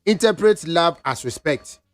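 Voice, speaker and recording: A man's voice: on the high side, lively intonation, measured pace. Laid-back Ghanaian radio co-host man. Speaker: radio co-host reading listener messages. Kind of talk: radio talk show banter. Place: radio studio.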